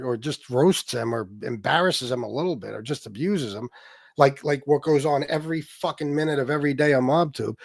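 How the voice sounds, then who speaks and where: A middle-aged man hosting a casual livestream, telling stories in a profane, mocking and lively way. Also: fairly high pitch, creaky, no echo. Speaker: livestream host.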